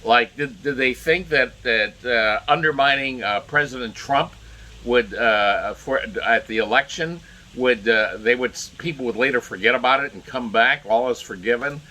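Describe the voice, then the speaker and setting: Bright-voiced rambling commentator man. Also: mid-range voice, normal speed. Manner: rambling, indignant, many fillers and restarts. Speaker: political commentator. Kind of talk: opinionated solo commentary.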